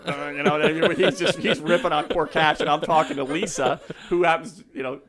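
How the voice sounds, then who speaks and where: A man's voice: a little high, normal speed, hardly any pauses, crowd noise. A man in his fifties, a realtor telling stories as a podcast guest in a rambling, laughing way with many fillers and restarts. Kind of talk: casual storytelling.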